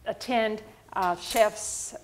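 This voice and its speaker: A woman's voice: mid-range voice, a little hiss or hum. A woman hosting an educational webinar, giving thankful closing remarks with frequent "uh" fillers. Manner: warm, thankful, halting with fillers. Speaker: webinar host.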